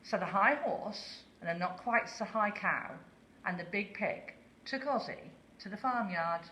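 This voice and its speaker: A woman reading a children's story aloud slowly and expressively, asking listeners questions. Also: medium pitch, expressive, sharp tone, echoey room, a little hiss or hum.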